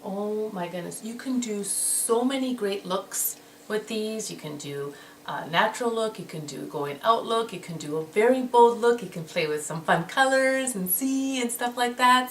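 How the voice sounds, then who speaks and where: A woman hosting a casual beauty haul video, gushing and excitable, often repeating how excited she is. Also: mid-range voice, normal speed. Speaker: beauty vlogger. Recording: roomy echo, distant mic, noisy background.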